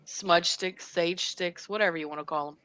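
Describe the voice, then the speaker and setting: A woman's voice: on the low side, fairly even intonation, moderate pace, fairly bright tone, rough recording. A woman co-hosting a livestream in casual chat, chatty and giggly. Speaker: livestream co-host.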